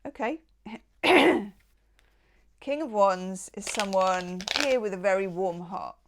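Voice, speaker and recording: Woman, tarot reader, unhurried delivery, gushing, chatty. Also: medium pitch, expressive, noisy background. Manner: slow, enthusiastic and affectionate, chatty asides. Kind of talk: casual tarot reading.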